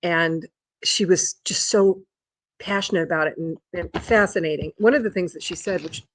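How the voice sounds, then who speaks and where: A woman talks to her viewers in a loose, rambling vlog style, circling back and restarting her sentences. Her voice sits on the low side. The sound is dry and close, with no room echo. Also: normal speed. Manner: chatty, rambling, with restarts and high sing-song talk to her dog. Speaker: vlogger. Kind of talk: casual chat.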